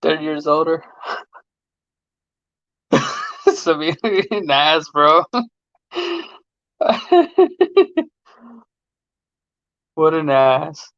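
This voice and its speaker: A laid-back man in his late thirties chats with his livestream viewers in easygoing slang, his voice sitting a little high for a man. He laughs often. The phone mic gives a dull, dry, close sound. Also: slow pace, pauses often, fairly bright tone, no room sound. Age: late 30s. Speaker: livestream host and mechanic. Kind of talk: casual livestream chat reading viewer comments.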